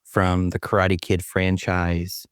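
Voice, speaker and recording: A man's voice: deep voice, completely flat delivery, slow pace, smooth, dry recording, clean studio sound. A man co-hosting a podcast, chatting casually in a playful, self-deprecating way and laughing easily. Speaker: podcast co-host. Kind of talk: casual chat.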